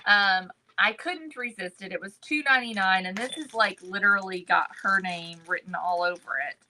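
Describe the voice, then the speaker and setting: A woman's voice: medium pitch, normal speed, pushed and bright, slight background noise, low-quality recording. A woman hosting a live crafting stream, chatting casually about thrift finds and greeting viewers by name. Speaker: crafting livestream host. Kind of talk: casual thrift haul chat.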